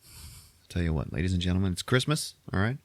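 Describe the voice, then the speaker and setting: Male podcast host, foul-mouthed animated recap, slightly tipsy, low pitch, dry close sound. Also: brisk, dry recording. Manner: profane, animated storytelling. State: a bit tipsy. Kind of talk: casual movie recap chat.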